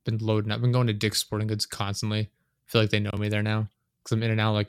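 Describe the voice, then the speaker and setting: A man's voice: fairly low pitch, completely flat delivery, fast, smooth, no room sound, clean studio sound. A young man chatting casually on his podcast, rambling and filling his talk with "like" and curse words. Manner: rambling, heavy use of "like", swearing. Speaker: podcast host. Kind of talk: casual chat. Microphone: desk microphone.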